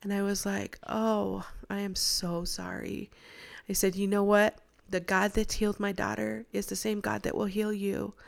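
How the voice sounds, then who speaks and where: Woman telling a faith story, lively. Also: mid-range voice, moderate pace, creaky. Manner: animated, acts out quoted voices. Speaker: guest sharing a testimony. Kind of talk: casual storytelling.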